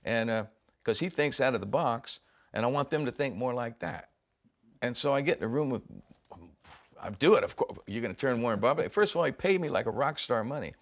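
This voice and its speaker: A man's voice: medium pitch, lively intonation, fairly quick. An older man, a rock musician, telling stories in a casual interview, laughing often and acting out the voices of people he quotes.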